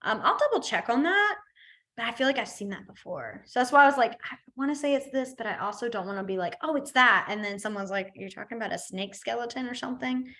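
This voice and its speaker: A woman's voice: on the high side, animated, fast, fairly bright tone. A young adult woman teaching a sign language class online, chatty and rambling, with many fillers and easy laughter.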